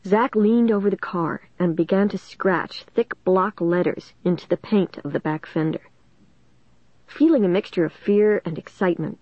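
A woman's voice: on the low side, dry recording, lo-fi sound. A woman narrating a first-person storybook in a tense, suspenseful reading. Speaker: audiobook narrator.

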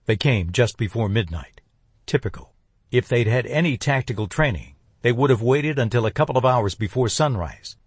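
A man narrating a first-person thriller audiobook in a measured, tense voice. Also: medium pitch, lively intonation, breathy edge, dry recording.

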